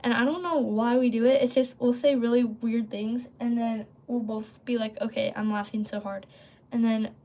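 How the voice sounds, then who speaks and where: A woman's voice: a little high, steady tone, moderate pace, few pauses, dark tone. A woman hosting a casual livestream, rambling with lots of fillers and breaking off to read and answer chat. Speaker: livestream host.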